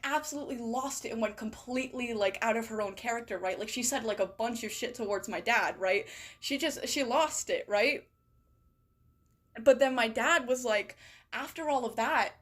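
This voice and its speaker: A woman with a slightly high voice talks in a loose, rambling way and keeps dropping "like" and "right?" into her sentences. She reads out viewer stories as she chats, cursing freely. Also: measured pace. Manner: rambling and chatty, with many "like" and "right?" asides and frequent swearing. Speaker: streamer reading viewer stories. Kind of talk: casual chat.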